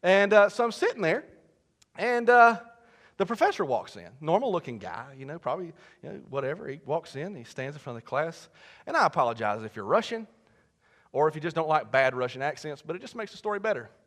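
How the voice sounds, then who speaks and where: A male pastor tells a story in a lively, animated way, dropping to near murmurs and then bursting into shouts. His voice is fairly high and very bright. A long reverb trails behind him in a large hall. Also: fairly quick. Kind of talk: sermon.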